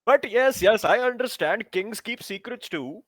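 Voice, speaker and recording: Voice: medium pitch, lively intonation, unhurried, fairly bright tone, no room sound. A tabletop player voicing a pompous, chatty teen who crowned himself king. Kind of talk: tabletop role-play.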